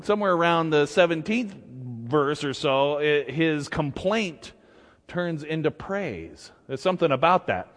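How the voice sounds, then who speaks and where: Conversational preacher, ringing reverb. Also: male voice, a little high, animated, a little slow, fairly bright tone. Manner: conversational and humorous, acting out scripture. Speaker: pastor. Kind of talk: sermon. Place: church sanctuary.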